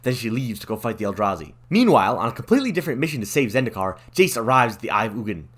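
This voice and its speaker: Fast, breezy man recapping a story. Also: on the low side, big pitch swings, a bit bright, husky. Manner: breezy, jokey, slangy. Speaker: storyteller and channel host. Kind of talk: casual comedic story recap.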